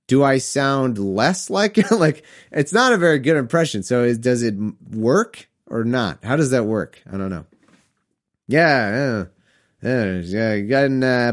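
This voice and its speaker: A man reads old scripture in a slow, drawn-out way, then slips into dry, self-mocking jokes. His voice rises and falls a great deal and sits at an everyday male pitch. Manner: slow, drawn-out reading broken by wry, self-mocking riffs. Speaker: comedic scripture reader. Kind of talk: reading scripture aloud with joking asides.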